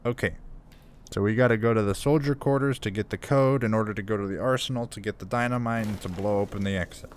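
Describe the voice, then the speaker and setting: Man, lowish voice, relaxed gamer commentary, jokey, muses aloud; light room tone. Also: fast, slight background noise. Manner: playful, thinks aloud while playing. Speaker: gaming video creator. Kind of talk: casual let's-play commentary.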